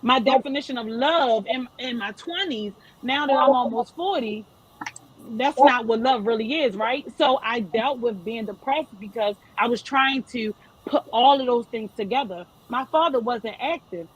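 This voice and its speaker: A woman's voice: fairly high pitch, normal speed, slightly rough, poor audio. A woman in her thirties speaking as a panel guest, giving earnest, emphatic advice to parents. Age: 30s. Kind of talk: panel discussion.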